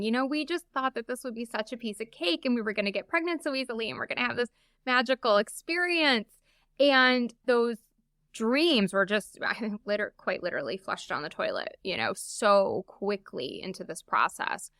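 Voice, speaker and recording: A woman's voice: on the high side, sharp tone, clean tone, dry recording, studio quality. A woman guest on a podcast, telling a personal story in a candid, chatty way with lots of casual asides. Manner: chatty, open, frequent "like" asides.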